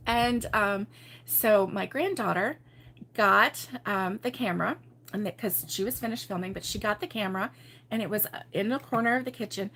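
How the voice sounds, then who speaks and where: Bright-voiced chatty grandma host. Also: female voice, medium pitch, moderate pace. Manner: chatty, laughing storyteller. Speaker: crochet channel host. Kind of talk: casual live chat with viewers.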